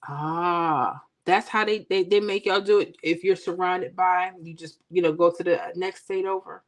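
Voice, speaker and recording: A woman with a slightly low voice hosts a casual livestream. She chats with her viewers, teasing and joking in a playful, animated way. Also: normal speed, few pauses. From Florida. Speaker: livestream host. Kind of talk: casual chat with live viewers.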